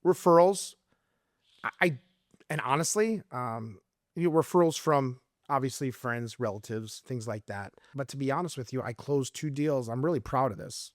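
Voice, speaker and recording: A middle-aged realtor from Arizona guests on a casual podcast interview, recorded studio-quality with no room sound. His mid-range voice moves at a moderate pace as he talks through sales tactics, animatedly acting out client calls in lively voices.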